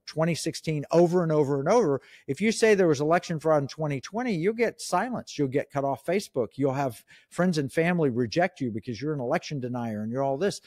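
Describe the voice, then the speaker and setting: An emphatic middle-aged man gives opinions as an interview guest, his voice sitting a little high for a man. He restarts often and leans hard on key words. The sound is dry and close, with no room around it. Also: a little mellow, no echo. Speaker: guest, economic commentator. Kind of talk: interview conversation.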